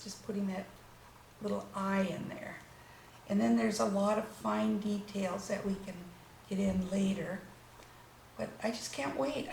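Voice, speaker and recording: A woman's voice: mid-range voice, creaky. A woman teaching a watercolor painting lesson, chatting with enthusiasm as she paints. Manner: enthusiastic, chatty while working. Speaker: watercolor instructor. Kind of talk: painting demonstration. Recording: echoey room with faint noise.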